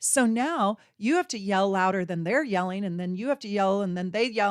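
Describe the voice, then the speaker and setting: A woman hosting an astrology channel, talking casually to camera as an animated storyteller who laughs and acts out voices. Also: mid-range voice, brisk, hardly any pauses, dry recording, studio quality.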